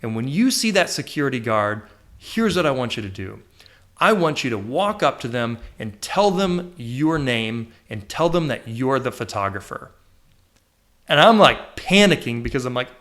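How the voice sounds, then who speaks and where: A man in his thirties hosting a podcast, telling a personal story with lively swings, jumping high when he acts out his younger self. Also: normal speed. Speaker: podcast host. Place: indoor room with a shelf.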